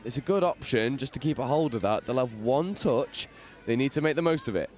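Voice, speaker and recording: A man giving lively play-by-play commentary from a balcony at an outdoor sports ground, with casual slang. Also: mid-range voice, brisk, a little hiss or hum. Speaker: match commentator.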